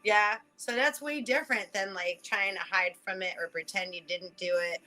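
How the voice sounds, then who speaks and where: A woman hosting a casual spiritual reading, chatting and laughing between thoughts, swearing casually and slowing down to read card messages aloud. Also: mid-range voice, bright, forceful tone, faint music behind, poor audio. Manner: reads oracle card messages aloud slowly. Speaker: spiritual reader and channel host.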